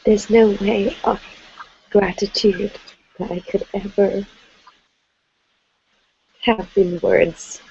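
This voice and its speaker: A woman with a Jamaican accent sharing in a satsang, speaking in a slow, heartfelt, hesitant way. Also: medium pitch, steady tone, vocal fry, dark tone, slightly rough, dry recording, muffled recording. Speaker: questioner.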